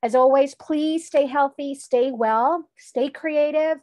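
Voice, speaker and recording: A woman's voice: high-pitched, no room sound. A woman teaching an online craft class, chatty and bubbly, laughing often and teasing herself. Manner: letter names spoken slowly and softly.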